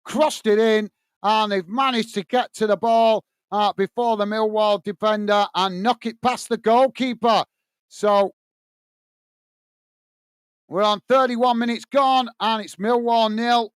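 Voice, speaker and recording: A man from England hosts a live football watch-along, talking straight to his viewers. He is blunt and firm with troublemakers and plain when he calls the play. His voice sits high and comes through smooth and clear, with a dry, close sound. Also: dry recording. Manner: blunt, irritated ranting at a commenter; calm play-by-play description. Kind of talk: live match commentary and chat with viewers.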